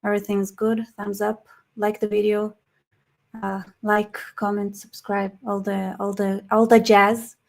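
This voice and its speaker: Tired hoarse woman chatting on a live stream, rambly, keeps restarting sentences, reads out the chat. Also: medium pitch, little pitch movement, a little slow. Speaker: livestream host.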